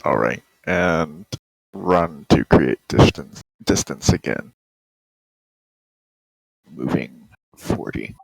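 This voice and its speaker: A man playing a tabletop game, speaking in a halting way and checking the rules. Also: rumbling low, huge pitch swings, vocal fry, slightly rough, no echo, low-quality recording. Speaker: player.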